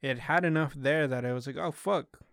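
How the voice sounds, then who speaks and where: A man hosting a casual podcast, rambling along loosely and swearing freely as he talks. His voice is smooth and resonant, and the recording is close and dry with no room echo. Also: medium pitch, fairly even intonation, fast, fairly bright tone. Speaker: podcast host.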